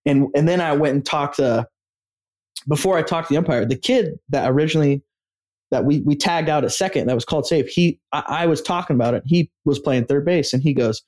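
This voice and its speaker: A man co-hosting a casual sports podcast, an animated storyteller who acts out quotes and swears freely. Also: medium pitch, fairly quick. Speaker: podcast co-host.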